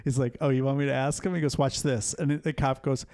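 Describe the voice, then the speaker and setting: Man, podcast host, casual chat, blunt profane stories, raspy fry, close dry sound. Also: medium pitch, steady tone, fairly quick, darkish tone, dry recording. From Chicago area.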